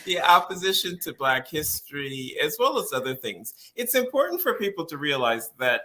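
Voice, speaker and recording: A man's voice: on the high side, very animated, moderate pace, pushed and bright. A man who is a policy researcher speaks as a guest on a podcast interview, explaining at length, often laughing and restarting his phrases as he thinks.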